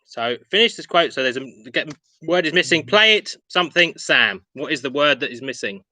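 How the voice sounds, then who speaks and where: Chatty quiz host, bright voice. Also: male voice, medium pitch, fairly quick, no echo, rough recording. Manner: chatty, self-mocking asides between questions. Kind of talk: reading out pub quiz questions and answers.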